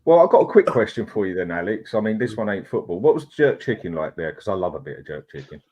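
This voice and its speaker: Guy hosting a football chat, lower voice, measured and reasoning. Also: sing-song, a little mellow, slightly rough. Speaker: football podcast host. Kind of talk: casual chat.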